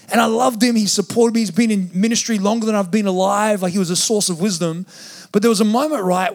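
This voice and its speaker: A man preaching a sermon as a pastor, conversational and joking now and then. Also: sits high.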